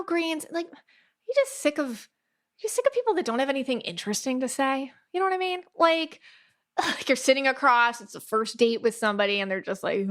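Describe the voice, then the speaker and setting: A woman hosting a podcast, talking in a chatty, animated way with lots of fillers and playful quoted asides. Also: medium pitch. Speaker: podcast host. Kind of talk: casual podcast monologue.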